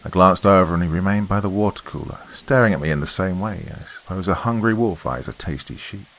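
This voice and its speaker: A man reading a scripted horror story as podcast narrator, in a measured, steady storytelling manner. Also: deep voice, low-quality recording.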